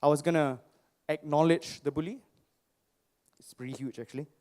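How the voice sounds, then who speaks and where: A young man, giving a personal storytelling speech to a live audience, animated and self-mocking, often asking the crowd questions. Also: on the high side, normal speed. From Singapore. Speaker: motivational speaker. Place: stage before a live audience.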